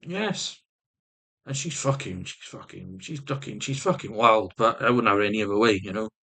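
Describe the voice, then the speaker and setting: A man's voice: lowish voice, moderate pace, pushed and bright. A man vlogging with rambling personal storytelling, swearing constantly and restarting often.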